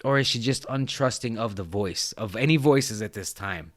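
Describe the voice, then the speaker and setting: A man's voice: on the low side, normal speed, no room sound. A man hosting a podcast, recapping a movie scene in a casual, rambling way with lots of swearing. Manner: animated, profane, rambling. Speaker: podcast host.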